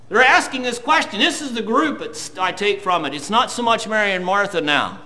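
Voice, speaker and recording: Man preaching, high voice, swinging pitch, bright tone, slow scripture reading. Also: big pitch swings. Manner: reads scripture slowly, then rises to loud emphatic preaching. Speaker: pastor. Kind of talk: sermon.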